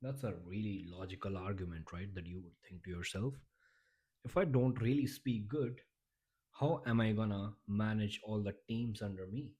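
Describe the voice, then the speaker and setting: A man's voice: on the low side, steady tone, moderate pace, dark tone, husky. A man giving a motivational vlog talk in an emphatic, repetitive and blunt way, often restarting his sentences. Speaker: YouTuber.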